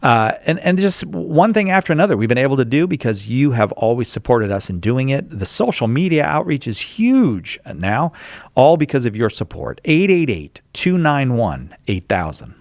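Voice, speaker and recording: Lively man pitching donations on radio. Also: moderate pace, no echo, studio quality. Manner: lively, rambling with frequent fillers. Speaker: radio show host. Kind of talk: fundraising pitch on live call-in radio. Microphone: studio microphone.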